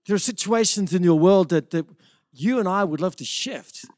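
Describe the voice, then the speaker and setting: A man's voice: high-pitched, moderate pace, darkish tone, dry recording, studio quality. A middle-aged male pastor giving a conversational sermon, often restarting phrases and asking rhetorical questions.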